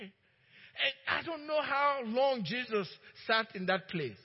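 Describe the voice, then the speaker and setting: Man, pastor, sermon, very high voice, shouting emphasis, dull sound, long church-hall reverb. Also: lively intonation, takes it slowly, husky. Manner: preaching with shouted emphasis and laughs.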